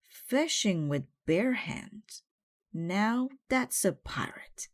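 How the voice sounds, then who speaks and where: A woman voicing an excitable young pirate sidekick who exclaims in eager, wide-eyed awe. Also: medium pitch, extremely slow, voice pushed up. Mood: awed.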